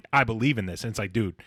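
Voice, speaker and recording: A man's voice: on the low side, fairly quick, a bit bright, no echo, studio quality. Rambling young man joking on a podcast. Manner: rambling, restarts a lot, laughs between jokes. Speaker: podcast co-host. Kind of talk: casual chat.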